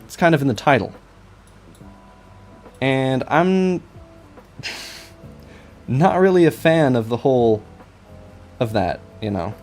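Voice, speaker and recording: With faint music behind him, a young man streams himself drawing and chats casually in a medium-pitched, darkish voice. He talks slowly with frequent pauses and lively intonation, rambling, joking at his own expense, and stammering over repeated I's.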